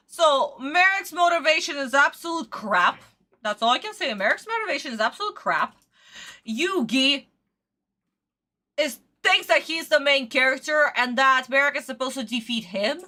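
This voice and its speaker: A woman's voice: high-pitched, expressive, moderate pace, bright, forceful tone. A woman streamer ranting through a casual live reaction to a cartoon episode, exasperated and swearing a lot.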